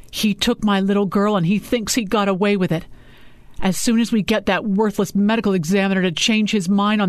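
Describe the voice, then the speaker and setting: A woman's voice: mid-range voice, no echo, pitched above the performer's own voice, natural voice. Brief: old grieving dad, read by a woman, heated and insistent, dry close sound. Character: grieving father near seventy, warm but bitter. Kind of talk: audiobook character reading.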